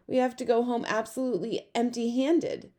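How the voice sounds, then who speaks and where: A woman's voice: a little high, little pitch movement, normal speed, warm tone, voice pushed up, lightly acted. A woman doing a dramatic, tearful young girl. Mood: upset. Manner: earnest, fussy about grammar. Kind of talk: audiobook character voice.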